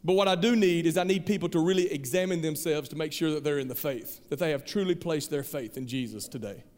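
A man's voice: fairly high pitch, quick pace, a little mellow. A man preaching a sermon as pastor, earnest and conversational, often repeating himself. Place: large church hall. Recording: reverberant hall.

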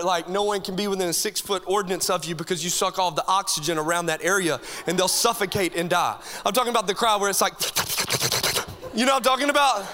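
A man, a youth pastor preaching an energetic, joking sermon to a congregation in a large church hall. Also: high voice. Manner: animated, joking, talks straight to the crowd. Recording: long hall reverb from a church room.

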